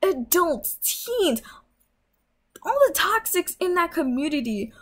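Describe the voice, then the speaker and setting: A woman's voice: very high-pitched, very animated, slow. A young woman vlogger in a heated, swearing rant, scolding her viewers. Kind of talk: angry rant.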